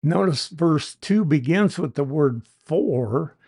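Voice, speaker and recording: A preacher giving an expository Bible teaching sermon, deliberate and emphatic, leaning hard on key words. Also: medium pitch, animated, a little mellow, husky.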